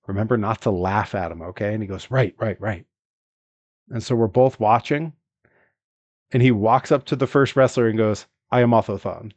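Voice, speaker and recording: A man on a casual livestream, telling a long story, laughing often and filling pauses with ums and uhs. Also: mid-range voice, no echo. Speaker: streamer.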